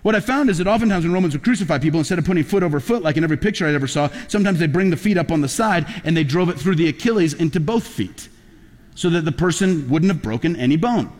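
Man, pastor, sermon, animated storytelling, slightly high voice, long reverberant hall. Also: fast. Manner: animated storytelling preacher, rising to emphatic peaks.

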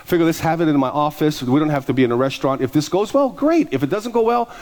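A fast-talking middle-aged pastor with a fairly high voice preaches a storytelling sermon. He's animated, acting out the quoted dialogue of the people he describes.

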